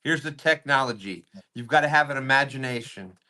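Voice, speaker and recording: A man hosts a casual chat with a bright, forward tone. He is enthusiastic and chimes in often to agree. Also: medium pitch. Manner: enthusiastic, quick agreeing interjections. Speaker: host.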